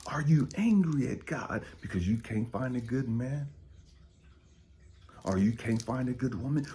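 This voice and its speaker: A man giving a blunt, profane motivational monologue as a spiritual coach, dropping to hushed whispers and then rising to loud outbursts. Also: medium pitch, expressive, unhurried, slight background noise.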